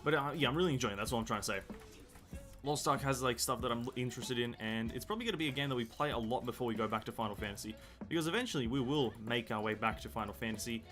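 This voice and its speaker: Male streamer, casual rambling chat over faint music, mid pitch. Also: very fast, a bit bright. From Australia. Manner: rambling, restarts and corrects himself, reads chat aloud. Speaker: gaming streamer.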